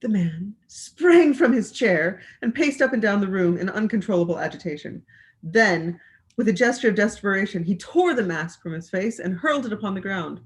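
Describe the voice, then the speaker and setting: A reader who takes a classic detective story aloud at an unhurried pace, tripping over words now and then and going back to fix them. The pitch sits mid-range, and the reading is plain, with no polished narrator's gloss. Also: lively intonation. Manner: reads with frequent slips and restarts. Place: library livestream.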